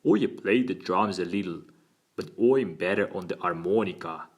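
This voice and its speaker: A man voicing a cheerful, impish thirteen-year-old boy with a crisp Cockney accent. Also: low voice, normal speed. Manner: crisp, open and earnest.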